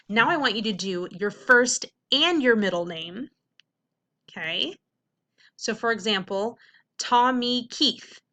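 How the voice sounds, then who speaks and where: Upbeat woman teacher, crisp bright voice, sounds out words slowly for kids. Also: mid-range voice. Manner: upbeat, checks in with frequent "okay?"; slows to sound out words carefully. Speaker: reading teacher. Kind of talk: classroom video lesson.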